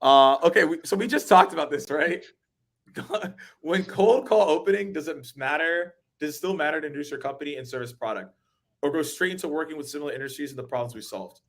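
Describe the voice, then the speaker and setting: A man hosts a sales webinar in an animated, casual way. His voice sits a little high, and he slips into quoted voices to act out phone calls. He laughs easily. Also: fairly quick. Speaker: webinar host, sales trainer.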